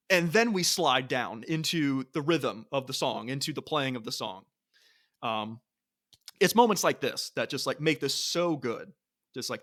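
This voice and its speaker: A man's voice: fairly high pitch, a bit bright. A man co-hosting a music podcast in casual chat, enthusiastic, singing and beatboxing bits of songs as he talks. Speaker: podcast co-host.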